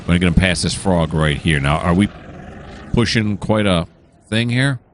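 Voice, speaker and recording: Low-pitched male game host, casual and rambling, full of ums and uhs. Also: animated, normal speed, a little hiss or hum. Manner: rambling, enthusiastic, many filler sounds. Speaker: train simulator gameplay host. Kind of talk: casual gameplay commentary.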